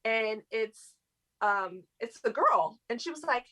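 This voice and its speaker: A woman's voice: on the high side, lively intonation, takes it slowly, bright, forceful tone, rough recording. A young adult woman, a guest actress, chatting casually in an interview with lots of fillers and laughs.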